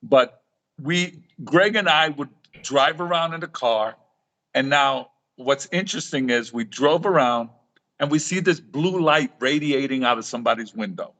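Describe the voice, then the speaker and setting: A middle-aged guest author on reef aquariums tells stories on a live talk show, playing out quoted dialogue and frequently restarting. His mid-range voice is bright and forceful, moving at a normal speed.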